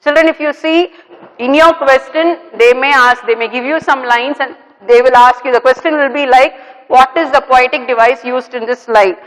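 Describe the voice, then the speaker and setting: Middle-aged lady teacher going over a poem, kinda high voice, long echo tail, says okay a lot and repeats stuff. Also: steady tone, normal speed. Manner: repetitive, checking with "okay" and "clear?". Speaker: English teacher. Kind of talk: classroom lesson explaining a poem.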